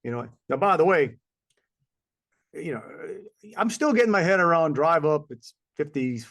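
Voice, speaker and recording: A man's voice: on the high side, animated, moderate pace, fairly bright tone. Rambling man telling stories. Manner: rambling storyteller, acts out voices of people he met. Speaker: podcast co-host. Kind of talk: casual chat.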